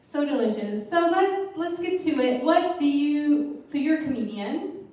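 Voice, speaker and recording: A woman interviewer, chatting softly and casually with her guest and laughing along. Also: high voice, lively intonation, a little slow. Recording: very echoey room, mic far off.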